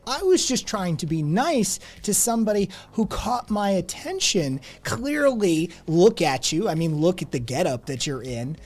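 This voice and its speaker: A man doing a sneering, entitled barfly. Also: fairly high pitch. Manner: condescending, ranting, indignant. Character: rude entitled man lecturing a woman at a bar.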